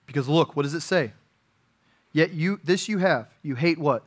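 A man preaching a sermon as pastor, earnest, swinging from emphatic peaks to quiet, personal asides. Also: fairly high pitch, moderate pace.

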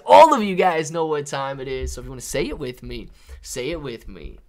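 A casual man hosts a live market stream, reading chat names, giving shout-outs, and saying "man" and "dude" often. His medium-pitched voice swings widely in pitch and moves fairly quickly.

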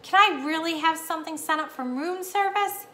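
A woman voicing an excitable young boy who is sick in bed, in high, eager questions. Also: normal speed. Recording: echoey room, faint hum.

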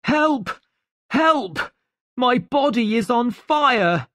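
A storybook reader voicing a young male doctor who smokes a pipe, shouting high in alarm. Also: takes it slowly, natural voice. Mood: panicked.

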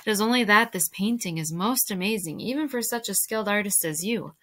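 A woman's voice: medium pitch, animated, brisk, bright, forceful tone. A woman reading a timid young apprentice. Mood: deferential.

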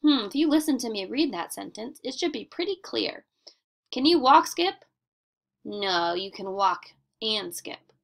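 A woman teacher talks children through a grammar lesson in a deliberate, sing-song classroom voice. She sits a little high in pitch, and a gravelly fry runs under her words. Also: lively intonation, fairly bright tone. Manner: slow, deliberate, sing-song classroom delivery with emphatic questions.

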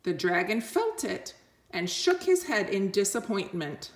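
A woman reading a picture book aloud slowly and gently, explaining words for children. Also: medium pitch, very animated. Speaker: storyteller.

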